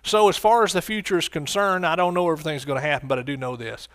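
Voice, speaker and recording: A man's voice: fairly high pitch, steady tone, fast talker. A man from the United States preaching a sermon, emphatic, repeating his phrases and calling out to his listeners.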